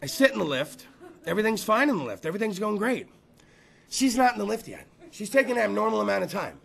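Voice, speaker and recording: A man with a high, gravelly voice hosts a podcast and rambles through a story. He swears freely, repeats himself and often shouts. His tone is bright and forceful. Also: sing-song, fast talker. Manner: loud, rambling and profane, with repeated phrases and bursts of shouting. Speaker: podcast host. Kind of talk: casual storytelling chat.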